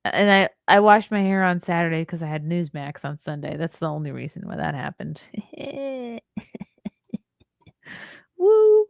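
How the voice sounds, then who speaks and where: Low-voiced, gravelly woman hosting a livestream. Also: animated, normal speed, dry recording, studio quality. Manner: chatty and wry, laughs and ad-libs between reading. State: tired, yawning. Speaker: livestream host. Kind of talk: casual livestream commentary, reading news and chats.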